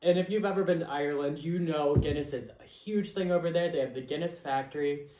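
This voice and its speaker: A man co-hosting a podcast in casual chat, animated and campy with playful slang. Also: a little high, fast talker. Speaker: podcast co-host. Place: room at home, with the co-host across a coffee table. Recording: echoey room.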